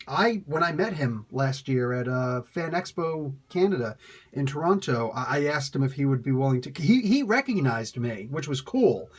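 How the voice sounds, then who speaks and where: A man's voice: fairly high pitch, husky. A man reviewing comic books in a casual, rambling way, often ranting in disbelief and stumbling over repeated words. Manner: exasperated ranting with incredulous outbursts.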